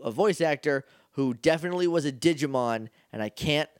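A man with a smooth, higher-than-average voice, talking a little fast, co-hosts a podcast recorded in clean studio sound with no room sound. Animated and casual, he recaps an episode and performs the characters' lines along the way.

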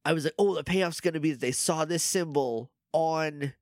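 A man's voice: a little high, normal speed, darkish tone, dry recording, clean studio sound. A man co-hosting a podcast, chatting casually as he recaps an episode, acting out characters' lines and laughing often. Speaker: podcast co-host.

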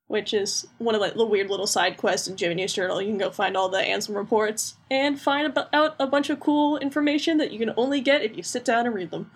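A woman's voice: mid-range voice, a little fast, few pauses, breathy edge. A young woman co-hosting a podcast in casual chat, chatty and laughing as she recaps things. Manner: chatty, laughing, recaps with silly character voices. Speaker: podcast co-host.

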